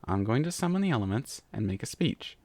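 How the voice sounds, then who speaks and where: A man's voice: on the low side, sing-song, a little fast, a little mellow, dry recording. A man voicing a curt, stern alicorn princess. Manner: curt and barely holding back anger.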